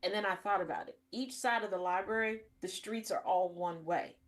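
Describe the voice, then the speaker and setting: A woman from Cincinnati, hosting a podcast and telling a comic story in an animated way, laughing often. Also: medium pitch, normal speed. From Cincinnati, Ohio. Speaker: podcast host. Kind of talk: comedic casual storytelling.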